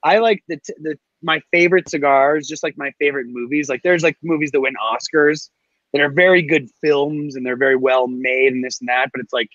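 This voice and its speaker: A man, a guest on a podcast, telling stories casually in an animated, filler-heavy way. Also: on the high side, a little fast, no room sound, muffled recording. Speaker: guest, co-host of a cigar show. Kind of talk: casual chat.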